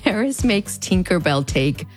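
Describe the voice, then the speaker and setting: A woman's voice: on the low side, sing-song, measured pace, over music. A woman in her thirties with a Mexican border accent narrating scripted commentary in a wry, conversational way, with playful asides. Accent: Mexican border (fronterizo) English. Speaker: video essay narrator.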